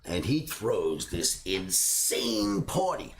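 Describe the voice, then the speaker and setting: A man hosting a trading show, telling a personal story in a casual, animated way and laughing between beats. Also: low-pitched, slow pace, gravelly, slight background noise. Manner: animated, laughs through his own stories. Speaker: trading academy host.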